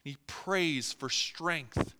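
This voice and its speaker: Brief: animated pastor with a tense bright voice and lots of fillers, recorded in a reverberant church. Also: male voice, a little high, drawn-out words. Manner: animated, acts out quotes, many fillers. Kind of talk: sermon. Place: church sanctuary. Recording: long hall reverb.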